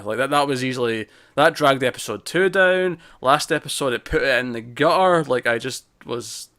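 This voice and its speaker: A man's voice: mid-range voice, normal speed, hardly any pauses, a bit bright, clear, resonant tone. A man co-hosting a casual TV review show, rambling and restarting his sentences as he talks. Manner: rambling, self-interrupting with repeated words. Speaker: podcast co-host.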